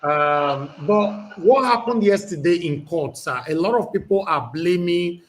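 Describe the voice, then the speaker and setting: A man's voice: sits high, lively intonation, measured pace, slight background noise. Courteous male show host. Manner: courteous, stern with rude commenters. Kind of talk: live talk show hosting.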